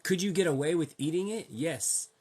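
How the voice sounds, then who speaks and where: A man's voice: fairly high pitch, normal speed, a little mellow, breathy edge. A man vlogging a casual rant, slangy and profane, heated and repetitive as he talks to his viewers. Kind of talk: casual ranting monologue.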